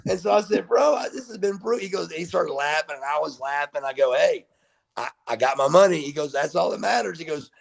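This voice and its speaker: Middle-aged male guest, gravelly husky delivery, acts out the dialogue in his stories. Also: fairly high pitch, brisk. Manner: animated storyteller who acts out quoted dialogue. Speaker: guest wrestler. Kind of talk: casual storytelling interview.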